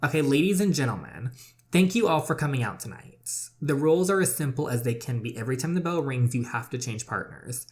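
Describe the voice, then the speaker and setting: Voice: medium pitch, big pitch swings, brisk, a little mellow. A gamer reading the lines of a male event host announcing rules to a bar crowd.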